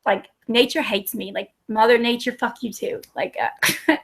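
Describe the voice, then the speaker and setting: A woman's voice: fairly high pitch, fairly even intonation, normal speed, creaky, husky. A woman, telling rambling, profane, self-mocking stories in casual talk. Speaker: storyteller. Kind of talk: casual storytelling.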